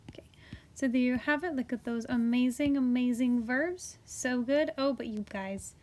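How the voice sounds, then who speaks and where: A young woman teacher walks her class through a grammar chart, chatty and encouraging. Her voice sits a little high, and she talks at an unhurried pace, often trailing into soft whispered asides while she writes. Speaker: Spanish teacher. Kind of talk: classroom video lesson.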